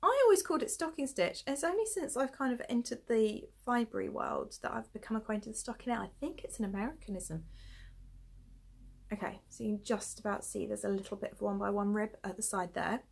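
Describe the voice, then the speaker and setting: A woman hosts a knitting podcast from home late in the evening. She sounds tired and yawns often, but she keeps rambling cheerfully about her knitting and pokes fun at herself. Her voice sits at a middling pitch for a woman. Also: brisk, gravelly, husky. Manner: chatty and rambling, self-deprecating, giggly. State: tired, yawning late at night. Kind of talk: casual chat showing knitting to camera.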